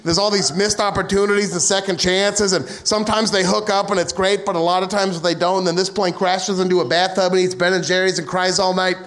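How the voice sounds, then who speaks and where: A man's voice: high voice, little pitch movement, fairly quick, few pauses, fairly bright tone. A young American man doing a stand-up set, rambling and self-mocking, with profane rants and acted-out asides. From United States. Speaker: stand-up comedian.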